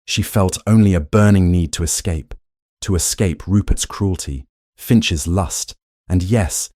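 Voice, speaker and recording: A male narrator with a deep, low voice reads a romance story in a measured, dramatic way. The sound is dry and close to the mic. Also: mellow, no echo. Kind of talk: scripted romance audiobook narration.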